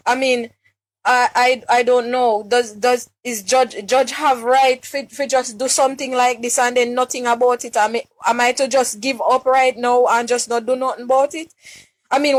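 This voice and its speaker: A woman with a Jamaican accent, a mother making an upset, pleading public appeal on a live stream, halting and restarting her words. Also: a little high, fairly even intonation. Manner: distressed, halting, many restarts and repeated words.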